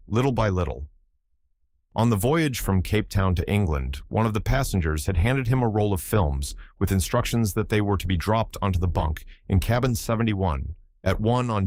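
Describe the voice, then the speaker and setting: A man narrating a novel in the first person, in a measured storytelling manner. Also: deep voice, lively intonation, a little mellow, dry recording, studio quality. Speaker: audiobook narrator.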